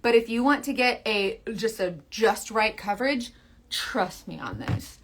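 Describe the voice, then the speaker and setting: A makeup seller in her thirties chats her way through a makeup tutorial, playful and coaxing, often sinking into a soft near-whisper. Her medium-pitched voice is expressive and unhurried.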